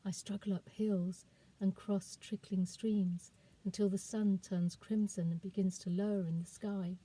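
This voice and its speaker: A woman, a children's author, reading aloud from her novel in a calm, expressive storytelling voice. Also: mid-range voice, a little slow, husky, poor audio.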